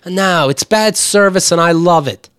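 A man's voice: sits high, a little slow, fairly bright tone, smooth, no echo, clean studio sound. A man hosting a podcast, telling a profane, ranting story in casual comedic chat. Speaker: podcast host.

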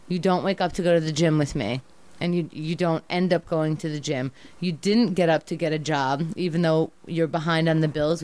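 A woman arguing with her boyfriend in a heated back-and-forth, exasperated and sometimes mocking. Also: low-pitched. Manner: exasperated, rapid-fire, mocking impressions. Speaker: girlfriend in a couple's argument. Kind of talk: heated couple argument.

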